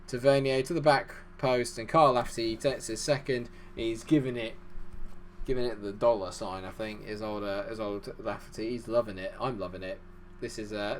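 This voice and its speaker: A man giving fast, excitable live commentary over a football management game, chatty and self-deprecating. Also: fairly low pitch, a little hiss or hum. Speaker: gaming YouTuber.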